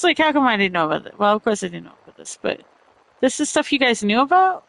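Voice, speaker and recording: A woman with a high voice co-hosts a casual streamed chat. She is playful and curious, keeps cutting in with questions, and reads out viewer comments. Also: very animated, quick pace, vocal fry, a bit bright, dry recording. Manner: eager questioner, playful, interrupts. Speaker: co-host. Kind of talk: casual chat with live chat readers.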